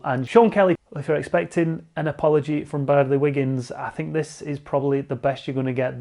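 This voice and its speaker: Brief: male cycling vlogger, slightly high voice, sarcastic and animated. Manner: lively and sarcastic, mocks other voices. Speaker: cycling channel host. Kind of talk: animated vlog commentary.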